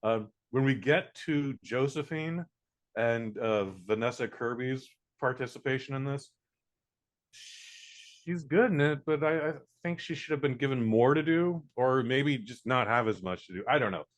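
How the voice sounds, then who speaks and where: A man's voice: mid-range voice, a little slow. Male podcast co-host, rambling casual movie talk full of fillers, mid-range voice. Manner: rambling, lots of fillers and restarts. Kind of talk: casual movie review chat.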